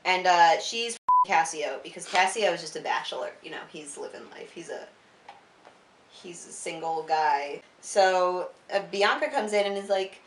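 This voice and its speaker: A tipsy young woman rambles through a story in a casual, profane, giggly way and keeps saying "like". Her voice sits a little low, and it echoes around the room from a mic placed well away from her. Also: lively intonation, moderate pace, fairly bright tone. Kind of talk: tipsy casual retelling of a classic play. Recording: roomy sound from a distant mic.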